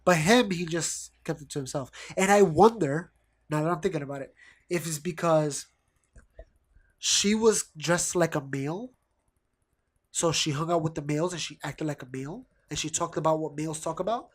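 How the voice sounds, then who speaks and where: A man with a somewhat high voice chats on a home podcast, spinning loose stories and slipping into goofy voices for the people in them. He laughs easily and keeps things light. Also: normal speed. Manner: loose storytelling, acts out quotes in silly voices; laughs often. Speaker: podcast co-host. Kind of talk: casual chat. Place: home basement studio.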